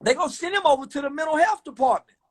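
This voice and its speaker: A man hosting a livestream, talking loud and profane, swinging between preaching and joking. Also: very high voice, animated, fast talker. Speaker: livestream host. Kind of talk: casual livestream rant.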